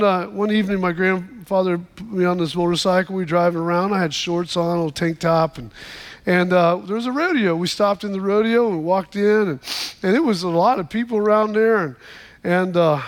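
A man preaching a sermon as pastor. He tells stories to the congregation and often restarts his words. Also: sits high. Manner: storytelling, repeats words in restarts, calls for amens.

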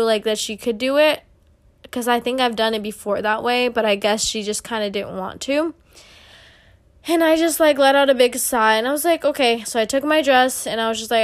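A woman's voice: a little high, fairly even intonation, brisk, clean tone. A young woman hosting a solo podcast, telling a story in a chatty way with lots of fillers and acted-out quotes. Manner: chatty, filler-heavy, acts out quoted exchanges. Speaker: podcast host.

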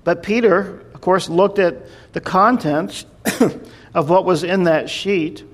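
Man preaching, chatty scripture storyteller, voice a bit high. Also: slow pace. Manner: conversational storytelling, explaining scripture. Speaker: pastor. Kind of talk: sermon.

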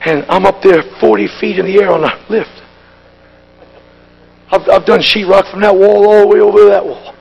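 A man preaching a live sermon, swinging from shouts to low, tired storytelling. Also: fairly even intonation, moderate pace, vocal fry, long pauses, husky, highs cut off. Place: church with congregation. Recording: live hall recording with crowd noise.

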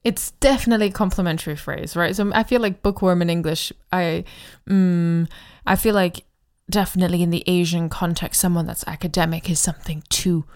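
Woman co-host, friendly explainer of Chinese grammar, slows down to model phrases. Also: on the low side, steady tone, a little mellow. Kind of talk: podcast language lesson.

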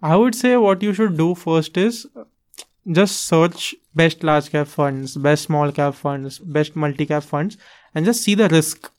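This fairly high-pitched man speaks at a measured pace with an Indian English accent. On a podcast he earnestly explains investing through examples, sprinkling his casual English with Hindi phrases.

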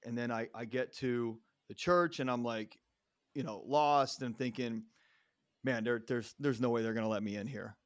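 A man's voice: medium pitch, fairly even intonation, normal speed, no room sound, clean studio sound. A man in his thirties telling a personal story in a casual interview, earnest and rambling, often restarting his sentences. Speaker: podcast guest.

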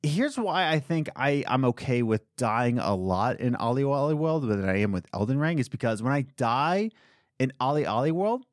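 A young man co-hosting a casual podcast about video games, talking in an excited, rambling way. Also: moderate pace, no echo, studio quality. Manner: excited, rambling, jumps between high and low pitch. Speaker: podcast co-host.

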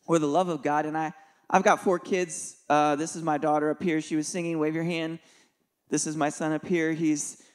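Conversational man preaching, fairly high voice. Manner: conversational and joking, with soft dips for emphasis. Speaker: pastor. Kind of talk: sermon with personal story.

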